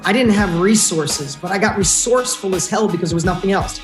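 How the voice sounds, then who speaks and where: A man's voice: high voice, brisk. A man speaking as a podcast guest, talking in an emphatic, blunt and earnest way. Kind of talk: casual interview talk. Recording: roomy with music behind. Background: music.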